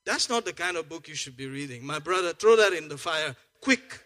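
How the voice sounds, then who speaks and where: A male pastor preaching a lively, joking sermon, swinging from soft asides to loud exclamations. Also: on the high side, moderate pace, few pauses.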